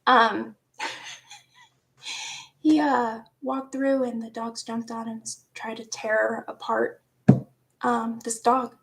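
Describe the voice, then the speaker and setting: A woman around forty casually telling a personal story, animated, laughing often and dropping into hushed asides. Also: a little high, slow pace, pauses often. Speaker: vlogger.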